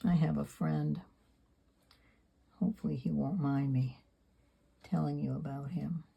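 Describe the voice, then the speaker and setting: Older lady in her 70s, low husky gravelly voice, chatty and candid while she paints. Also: fairly even intonation, unhurried, dark tone. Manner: rambling, candid, self-deprecating. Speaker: sketchbook artist. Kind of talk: casual reflective talk while painting.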